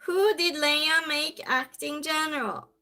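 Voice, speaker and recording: A woman's voice: high-pitched, takes it slowly, bright, forceful tone. A woman hosting a trivia live stream in a casual chat style, reading viewer comments aloud and greeting viewers by name. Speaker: trivia night stream host.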